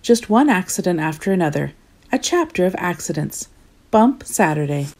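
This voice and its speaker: A woman reading a storybook as a clumsy, cheerful male character, telling his own tale of mishaps in a lively, rueful way. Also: on the low side, moderate pace.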